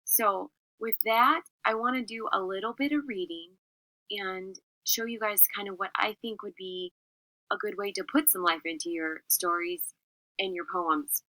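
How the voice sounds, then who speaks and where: Bright, crisp teacher woman. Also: mid-range voice, a little slow, dry recording, poor audio. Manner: clear, expressive, emphatic delivery. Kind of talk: classroom lesson on public speaking.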